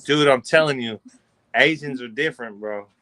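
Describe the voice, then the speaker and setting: A man's voice: medium pitch, normal speed. A man, co-hosting a podcast, telling profane stories and acting out every quote. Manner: profane, animated, acts out quotes. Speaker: podcast co-host. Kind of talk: casual storytelling among friends.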